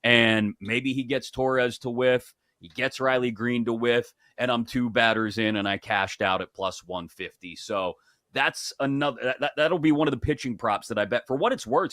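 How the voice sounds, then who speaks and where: A man's voice: lowish voice, no room sound, studio quality. A man hosting a sports betting show, chatting casually and joking as he breaks down picks. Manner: chatty, joking, animated asides.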